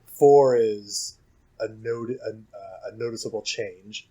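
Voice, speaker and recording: A man's voice: lowish voice, takes it slowly, warm tone, breathy edge, poor audio. A young man co-hosting a podcast, talking casually and thinking aloud about films. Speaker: podcast co-host. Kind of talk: casual film discussion.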